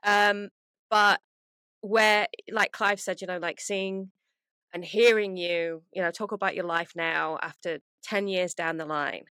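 A woman's voice: on the low side, fairly even intonation, a little slow, sharp tone, smooth, no echo. A woman co-hosting an interview from a soundproof studio room, speaking earnestly and heartfelt, filling her talk with likes and you knows. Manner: earnest, heartfelt, uses like and you know a lot. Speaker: podcast co-host. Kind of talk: casual interview chat.

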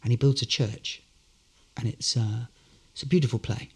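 A man's voice: mid-range voice, normal speed, slightly rough. An actor, a man, telling good-humoured, rambling anecdotes as a guest in a casual interview.

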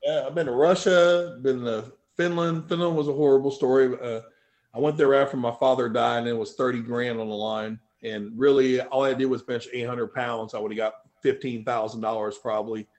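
A man telling stories as a powerlifting guest in a casual interview, animated and swearing freely. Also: mid-range voice, normal speed. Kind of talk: casual storytelling.

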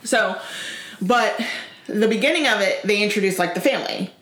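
A woman's voice: medium pitch, moderate pace. Chatty woman in an echoey room. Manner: laughing, animated storytelling. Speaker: podcast co-host. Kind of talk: casual chat.

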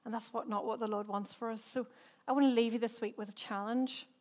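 A woman's voice: on the high side, fairly even intonation, brisk, darkish tone. A woman, a senior pastor who preaches a sermon in a chatty, self-mocking way and laughs often. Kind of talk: sermon with personal stories.

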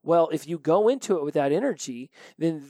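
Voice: medium pitch, animated, brisk, mellow, dry recording. A podcast host speaking in an emphatic monologue, with rhetorical questions and casual swearing. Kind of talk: solo recovery podcast monologue.

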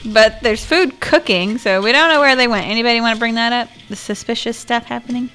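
A woman co-hosting a casual movie watch-along, chatty and quick to laugh. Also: on the high side, a bit bright. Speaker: co-host.

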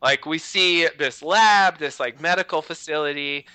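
A man talks casually on a podcast, circling back with constant "you know"s. His voice is very bright and crisp, recorded dry and close with no room sound. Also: a little high, moderate pace, dry recording, poor audio. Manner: rambling, lots of "you know" fillers. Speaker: podcast co-host. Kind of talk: casual chat.

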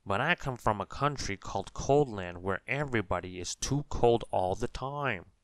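A man voicing a timid, sneezy little storybook character in a high, puzzled, plaintive voice, in a storybook read-aloud. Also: expressive, moderate pace, fairly bright tone, no echo. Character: timid little cold-plagued creature always sneezing.

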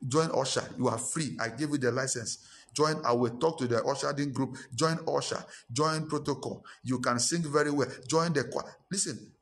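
Pastor, male, middle-aged, Ghanaian English accent; emphatic preaching with repeated phrases and climbing pitch. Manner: emphatic, repetitive preaching that rises in pitch and force. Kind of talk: sermon.

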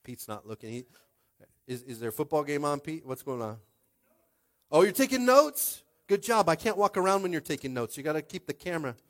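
A young man preaching a sermon as pastor, conversational and animated, calling out to the congregation. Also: on the high side, a little fast.

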